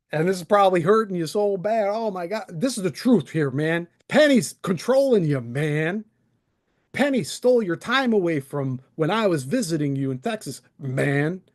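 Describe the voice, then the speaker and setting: Host, male, 30s, furious sarcastic monologue, higher voice that swings widely in pitch, swears freely, desk mic. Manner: heated, sarcastic, profane, very animated. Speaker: channel host. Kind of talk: angry solo rant to camera. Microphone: desk microphone.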